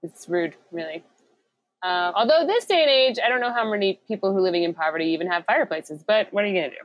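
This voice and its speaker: A woman's voice: medium pitch, expressive, fast, no echo, lo-fi sound. A woman co-hosting a podcast, reading out trivia with jokes and giggles in casual chat. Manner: jokey, giggly, reads out trivia. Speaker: podcast co-host.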